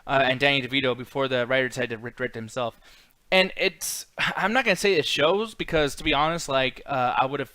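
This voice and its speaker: A man's voice: mid-range voice, brisk, pushed and bright, dry recording. A man co-hosting a casual movie review podcast, ranting in an exasperated, profane way. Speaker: podcast co-host.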